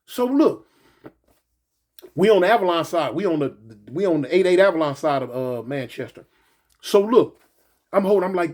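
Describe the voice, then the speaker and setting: A man telling a personal story in a casual, animated way, repeating himself and peppering it with "man" and "you know". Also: fairly high pitch, moderate pace, long pauses. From Los Angeles.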